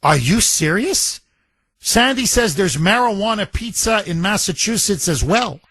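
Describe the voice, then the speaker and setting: A man's voice: high-pitched, expressive, a little slow, fairly bright tone. A man hosting a talk radio show, chatting animatedly with jokey asides and laughter. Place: radio studio. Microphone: studio microphone.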